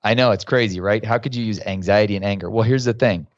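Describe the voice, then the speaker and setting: A man, a guest author and coach, telling stories in a casual, lively way during a podcast interview. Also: on the low side, quick pace, no echo, highs cut off.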